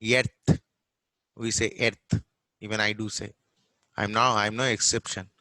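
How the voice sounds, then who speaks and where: A man with a Telugu-accented Indian English voice, teaching English vowel pronunciation and repeating the model words slowly and clearly. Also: fairly low pitch, little pitch movement, sharp tone, no room sound. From Telugu-speaking India. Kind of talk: classroom pronunciation lesson.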